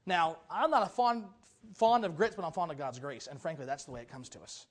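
Man, pastor, sermon, high voice, lively storytelling, quiet then loud. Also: a little fast. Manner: animated storytelling preacher, swings between quiet and loud.

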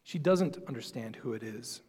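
A pastor giving a sermon, explaining a Bible passage in a conversational, musing way. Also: male voice, medium pitch, expressive, moderate pace, a little mellow, breathy edge, long reverb tail.

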